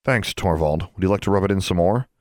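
A man's voice: low-pitched, fast talker, dry recording, studio quality, close to an everyday voice. A man voicing a tough, competitive teenage witch girl who talks back sharply. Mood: stung. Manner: defiant, sharp-tongued.

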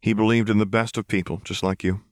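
A man reading the part of a blunt, tough woman enforcer who talks in rough, casual slang. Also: lowish voice, level tone, fast talker, no room sound, clean studio sound, natural voice. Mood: earnest. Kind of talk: audiobook reading of fan fiction.

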